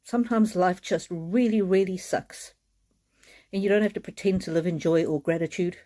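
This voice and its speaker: Woman, card reader, live stream, low-ish voice, warm and mellow, earnest, gently reassuring. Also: normal speed.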